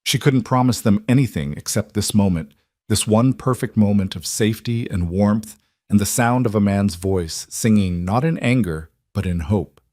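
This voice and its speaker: Low-voiced male storybook narrator. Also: normal speed, dark tone, dry recording, clean studio sound.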